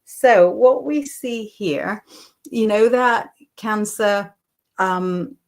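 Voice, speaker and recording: A woman hosting a live tarot stream, talking through the cards at an unhurried pace with frequent ums and reading viewers' comments aloud. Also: mid-range voice. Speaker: psychic and tarot host.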